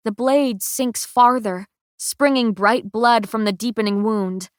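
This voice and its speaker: Slow, measured woman audiobook narrator. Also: mid-range voice, clear, resonant tone, dry recording, clean studio sound. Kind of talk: first-person audiobook narration.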